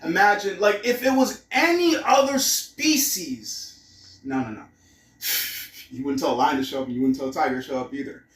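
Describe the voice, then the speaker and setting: Casual male vlogger, profane rambling monologue, mid-pitched, set back from the mic in a roomy space. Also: moderate pace, fairly bright tone, recorded from a distance. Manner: rambling, profane, musing aloud. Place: room at home.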